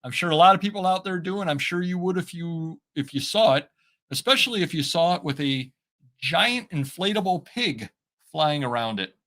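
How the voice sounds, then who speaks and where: A man co-hosting a live reselling chat, rambling and halting with many fillers, his speech a little slurred. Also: a little high, lively intonation, a bit bright. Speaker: co-host of a reselling show. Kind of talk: casual live-stream chat.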